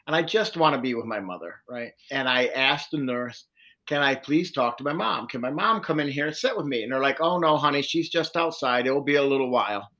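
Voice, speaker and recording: A man telling a long personal story in an interview, earnestly acting out the voices of people he met. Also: mid-range voice. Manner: earnest, animated retelling with quoted dialogue. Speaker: social worker and domestic violence trainer.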